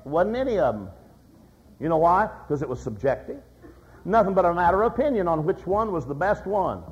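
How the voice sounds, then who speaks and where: A man's voice: high voice, very animated, fairly quick. An older man preaching a sermon, telling folksy stories and acting out their voices. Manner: folksy storytelling with voiced anecdotes. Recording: dull lo-fi recording.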